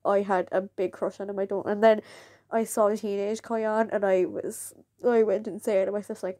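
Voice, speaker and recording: A woman's voice: medium pitch, normal speed, no echo, studio quality. A young woman chatting casually in a vlog, rambling with many "like"s. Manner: rambling, filled with "like", jumps into excited quoted voices. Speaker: vlogger. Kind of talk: casual chat to camera.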